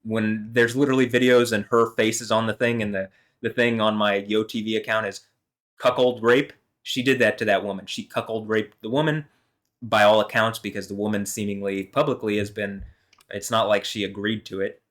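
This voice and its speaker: Low-voiced man rambling heatedly. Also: steady tone, moderate pace, a bit bright. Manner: meandering, heated, full of fillers and swearing. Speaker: vlogger. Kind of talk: rambling solo monologue.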